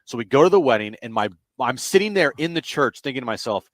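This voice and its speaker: A man co-hosting a sports radio show, telling a rambling story in casual chat and often trailing off quietly. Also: mid-range voice, animated, quick pace, few pauses, no room sound. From United States.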